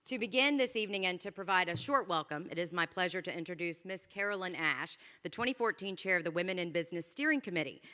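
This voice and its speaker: A woman hosts an evening gala on a stage microphone, her voice clear and bright. She makes playful asides to the audience, and her words carry a long reverb from the hall. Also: fairly low pitch, lively intonation, fast, few pauses. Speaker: master of ceremonies. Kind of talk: emceeing a gala event. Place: large event hall.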